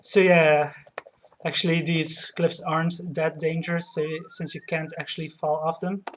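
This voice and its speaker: A woman casually commenting on a retro game as she plays it, talking slowly with frequent fillers and light laughs. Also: deep voice, flat delivery, a little hiss or hum. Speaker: game streamer. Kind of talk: let's play commentary.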